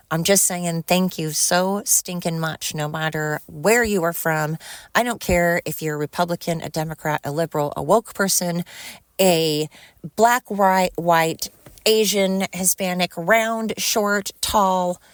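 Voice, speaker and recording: This is a middle-aged woman hosting her own podcast solo, her lowish voice clean in tone on a dry recording. She rambles sincerely, cursing freely through her venting, then turns to thank her listeners.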